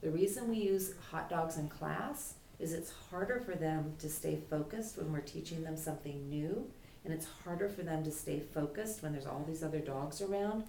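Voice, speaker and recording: A woman's voice: sits low, normal speed, dark tone. A woman dog trainer teaching a puppy class in a chatty way, voicing the dog's thoughts. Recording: echoey room from far off, faint noise.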